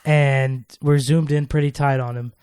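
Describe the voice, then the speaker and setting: A man co-hosting a podcast in casual chat, rambling as he pitches ideas, with plenty of fillers. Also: flat delivery, unhurried, darkish tone, smooth. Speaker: podcast co-host.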